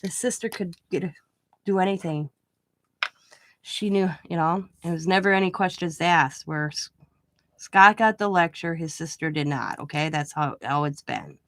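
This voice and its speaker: A woman hosting a craft channel, casually telling a rambling family story full of asides and lively retold dialogue. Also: lowish voice, normal speed, no room sound. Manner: rambling, chatty, full of "you know" asides; animated when retelling quoted dialogue.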